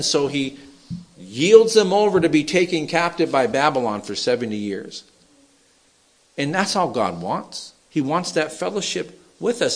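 A man preaching a sermon in an animated, humorous way, acting out Bible figures as he tells the stories. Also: on the high side. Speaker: pastor.

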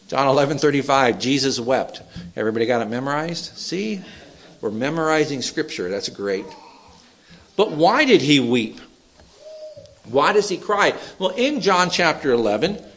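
A man preaching a sermon in an animated, humorous way, acting out Bible figures as he tells the stories. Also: medium pitch. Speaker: pastor.

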